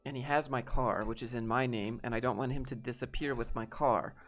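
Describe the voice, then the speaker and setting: A man's voice: medium pitch, fairly even intonation, faint music behind. Frustrated young man telling a story. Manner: frustrated, halting, with restarts. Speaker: guest. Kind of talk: casual storytelling.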